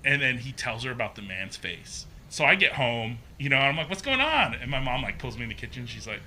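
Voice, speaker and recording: Bright-voiced man telling a story. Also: mid-range voice, quick pace, slight background noise. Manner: animated, acts out quoted voices, many fillers. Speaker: podcast guest, haunted maze builder. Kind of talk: casual storytelling.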